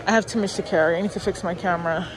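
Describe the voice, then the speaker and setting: A woman talking in a casual travel vlog, effusive and emphatic, repeating how excited and grateful she feels. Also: lowish voice, rapid-fire, reverberant, a crowd in the background, background noise. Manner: gushing, effusive, emphatic repetition. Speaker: travel vlogger. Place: hotel resort room. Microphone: phone held while walking.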